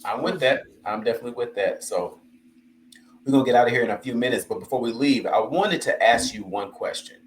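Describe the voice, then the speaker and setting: A man's voice: medium pitch, brisk, reverberant, slight background noise, rough recording. A man hosting a casual talk show, speaking in an easygoing, reflective way with plenty of fillers. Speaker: host. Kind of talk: casual chat.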